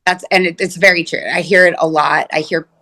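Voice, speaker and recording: A woman's voice: fairly low pitch, fairly even intonation, brisk, bright, forceful tone. A woman couples therapist speaking in an interview, earnest and explanatory, often acting out the words of her clients. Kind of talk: conversational interview.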